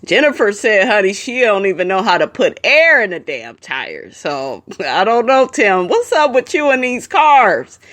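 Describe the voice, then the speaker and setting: Sassy woman with a lively voice. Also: medium pitch, a little slow, hardly any pauses. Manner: sassy, laughing, keeps saying honey. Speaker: commentary channel host. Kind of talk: casual reaction commentary.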